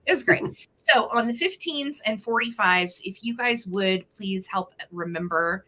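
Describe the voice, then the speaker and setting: Woman, live sale host, bubbly, bright voice, middle pitch, casual chat. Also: animated, a little slow. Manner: bubbly, greets viewers by name.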